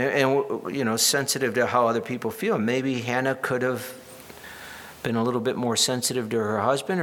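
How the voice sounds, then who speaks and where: A man's voice: mid-range voice, a bit bright. A man preaching a sermon in a conversational way, with wry asides and restarts. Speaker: pastor.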